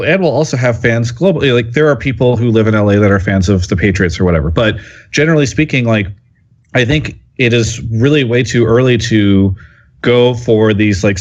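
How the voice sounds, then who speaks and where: A male journalist on a podcast panel, reasoning at length with many fillers, over an online call mic. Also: medium pitch. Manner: talkative, filler-heavy reasoning. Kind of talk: casual panel discussion. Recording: slightly lo-fi audio.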